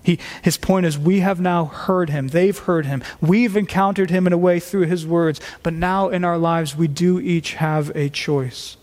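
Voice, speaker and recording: Earnest male preacher, slightly high voice, emphatic delivery, long reverb. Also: steady tone, unhurried, hardly any pauses, a little mellow. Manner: earnest, emphatic, quoting scripture in a lowered voice. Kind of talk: sermon.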